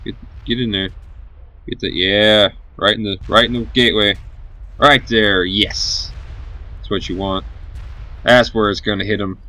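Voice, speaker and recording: A man's voice: on the low side, steady tone, unhurried, pauses often, sharp tone, no echo. A man giving live gameplay commentary as a gaming channel host, cheering on his units and swearing casually.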